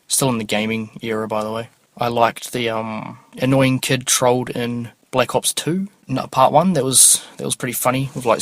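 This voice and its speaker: A man's voice: mid-range voice, a bit bright, no room sound. A man hosting a casual solo podcast, rambling offhandedly and swearing freely. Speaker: podcast host.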